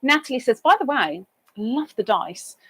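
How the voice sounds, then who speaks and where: A woman's voice: on the high side, lively intonation, normal speed, fairly bright tone, husky, dry recording, low-quality recording. A woman hosting a casual live stream, chatting and reading viewer comments aloud, with sing-song greetings for each newcomer.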